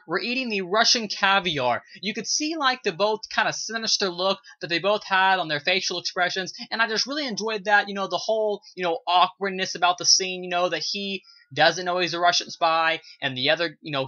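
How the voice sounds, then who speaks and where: Bright and forceful at a medium pitch, this voice is heard on a dull lo-fi recording. A video reviewer casually rambles through thoughts on a TV episode, full of gushing praise and frequent "uh" and "you know" fillers.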